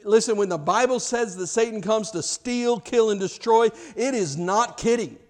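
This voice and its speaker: A man preaching a sermon, impassioned and emphatic, often repeating words and building to loud cries. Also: high voice, moderate pace.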